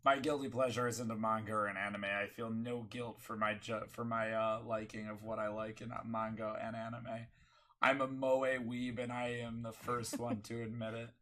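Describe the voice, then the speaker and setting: A man's voice: mid-range voice, level tone, moderate pace, pushed and bright. A young man hosting a casual chat, blunt and matter-of-fact. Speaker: host.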